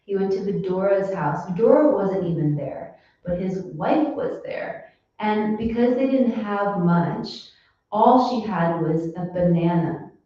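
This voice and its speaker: A woman's voice: medium pitch, measured pace, warm tone. A woman giving a casual devotional lecture, telling stories in a chatty way full of fillers, in a temple hall. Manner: chatty, lots of fillers, storytelling. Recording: echoey hall, distant mic, dull sound.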